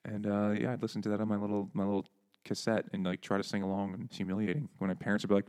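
Fast-talking man in casual podcast chat. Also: fairly low pitch, flat delivery, darkish tone. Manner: fast, joking, acts out quotes. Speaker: podcast co-host. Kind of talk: casual book club chat.

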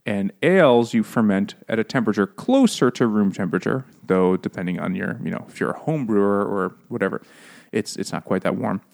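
A man co-hosting a podcast in relaxed, casual chat. His voice sits a little low and swings widely in pitch. He jokes, laughs often and explains things at length. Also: fairly quick, vocal fry. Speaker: podcast co-host.

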